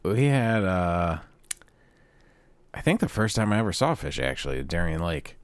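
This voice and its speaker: Laid-back man with lively low voice. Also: moderate pace, no echo. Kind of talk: casual storytelling chat.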